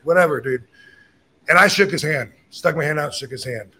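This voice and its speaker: A man's voice: fairly high pitch, a little fast, sharp tone, slightly rough. A middle-aged man telling a story in casual chat, blunt and profane, acting out the lines he quotes. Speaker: podcast host telling a story.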